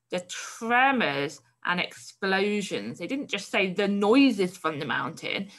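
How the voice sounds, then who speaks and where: A woman's voice: on the low side, fairly bright tone. A woman primary school teacher giving a recorded online lesson, reading a story aloud and encouragingly explaining its word choices.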